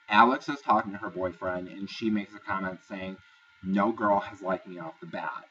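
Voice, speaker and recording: A man's voice: sits low, a bit bright, recorded from a distance, highs cut off, slight background noise. A man casually recapping a reality show episode, chatty, gossipy and profane. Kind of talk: casual review vlog.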